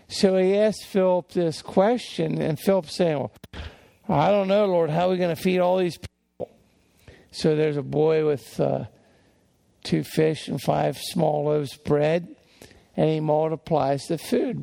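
Older man, preaching, mellow dark tone, slightly high pitch, folksy, unhurried. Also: gravelly. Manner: folksy storytelling with many restarts and fillers. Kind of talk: sermon-style teaching.

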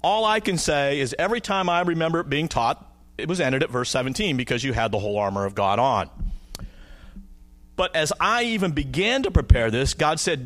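A man preaching a conversational, verse-by-verse Bible teaching, asking the congregation questions and slowing down to read scripture. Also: on the high side, animated, a bit bright. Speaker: pastor.

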